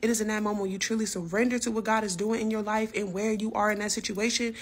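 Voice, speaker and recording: Speaking from her car, a woman vlogger with a husky mid-range voice talks quickly in a flat delivery. Her casual talk gives viewers earnest, preachy encouragement about faith.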